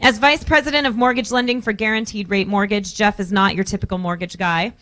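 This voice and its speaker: A woman's voice: mid-range voice, fairly even intonation, brisk, a bit bright. Teasing Southern woman introducing a speaker. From American South. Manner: teasing, playful. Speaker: event host introducing the speaker. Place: conference hall.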